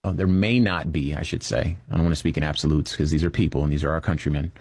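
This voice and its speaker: Deep-voiced man giving measured commentary. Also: steady tone, darkish tone, husky, no echo. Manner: measured, thoughtful, with frequent pauses and restarts. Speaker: reaction channel commentator. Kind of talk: political commentary.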